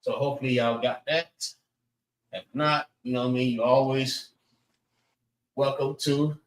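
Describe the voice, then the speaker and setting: A man's voice: medium pitch, steady tone, normal speed, echoey room, far from the mic. A man teaching a language class, patiently breaking words into syllables for his students. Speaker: class instructor.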